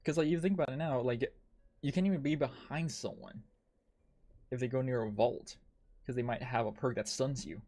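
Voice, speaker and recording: A man's voice: mid-range voice, fairly quick, long pauses, warm tone. A man streaming a game, ranting in frustration and swearing a lot as he comments on his play. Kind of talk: live gameplay commentary.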